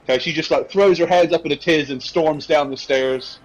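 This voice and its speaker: Husky-voiced game master. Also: male voice, a little high, brisk, dull audio. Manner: casual, rambling with fillers. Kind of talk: narrating a tabletop game.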